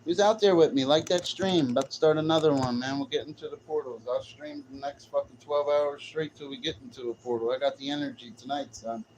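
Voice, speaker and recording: A man's voice: mid-range voice, fairly even intonation, brisk, few pauses, a little mellow, a little hiss or hum. A man livestreaming, chatting brashly and jokingly straight to his viewers with plenty of slang. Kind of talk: casual livestream chat.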